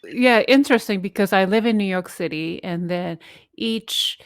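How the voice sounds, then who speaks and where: A woman's voice: mid-range voice, normal speed, no room sound, clean studio sound. A woman hosting a podcast, chatting casually and often filling her phrases with "you know". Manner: conversational, leans on "you know" fillers. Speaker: podcast host. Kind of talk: casual interview chat.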